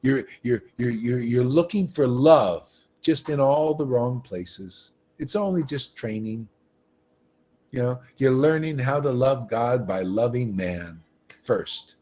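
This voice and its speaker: A man hosting a livestream, preaching with animated emphasis, repeating himself and laughing often. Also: mid-range voice, slow pace. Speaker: livestream host. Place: livestream setup.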